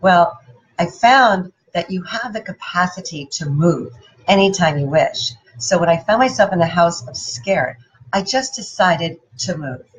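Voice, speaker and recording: A woman giving a playful, animated motivational talk and putting questions to her audience. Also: fairly low pitch, unhurried, rough recording. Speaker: motivational speaker.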